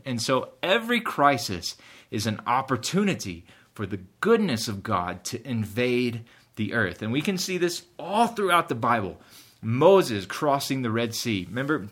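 A man's voice: mid-range voice, bright, forceful tone. A man preaching a sermon earnestly, rising in emphasis at key points. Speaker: pastor.

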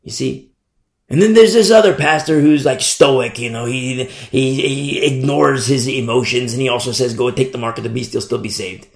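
Gravelly, animated man preaching in an echoey room. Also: medium pitch, normal speed. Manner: animated, repetitive preaching with many asides. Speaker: pastor. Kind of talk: sermon.

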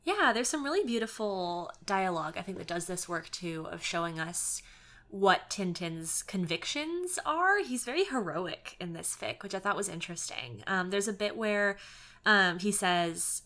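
A woman in a casual book discussion who speaks earnestly and warmly of what she read. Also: mid-range voice, expressive, normal speed. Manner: earnest, reads quotes aloud.

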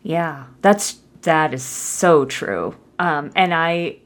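A woman's voice: low-pitched, drawn-out words. A young woman hosting a podcast interview, chatting casually in a friendly way and laughing often. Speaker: podcast host.

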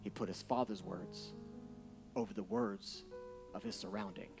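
A man preaching a sermon as pastor, moving between loud, forceful declarations and quiet, hushed storytelling about his family. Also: fairly low pitch, wildly swooping pitch, normal speed, gravelly, music in the background.

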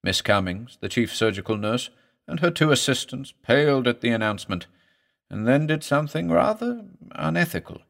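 A man narrating a horror story for an audiobook in a grave, measured, dramatic way. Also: mid-range voice, very animated, vocal fry.

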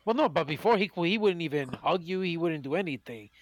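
A man's voice: on the high side, lively intonation, no echo. Playful man in casual banter. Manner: playful, quick, laughs often. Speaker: show co-host.

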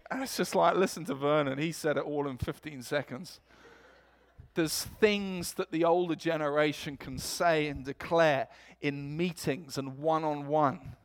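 Male preacher, slightly high voice, lively storytelling sermon. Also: measured pace. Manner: storytelling, animated quotes. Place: church.

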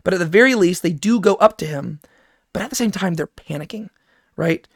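A man's voice: high-pitched, lively intonation, a little fast, creaky, dry recording, clean studio sound. A man teaching a Bible study in a casual, conversational way, often checking in with "right?". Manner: conversational, keeps asking "right?".

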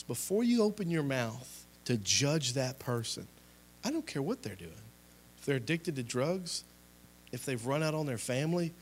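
A young man preaching a sermon and leading a closing prayer, impassioned, swelling and dropping in volume with repeated exhortations. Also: a little high. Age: young adult. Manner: impassioned, rising and falling in volume, repetitive exhortations.

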